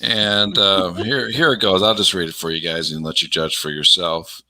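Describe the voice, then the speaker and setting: A man's voice: low-pitched, steady tone, normal speed, sharp tone, no room sound. A man co-hosting a casual podcast chat, telling a story and reading out a conversation with changed voices. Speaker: podcast co-host.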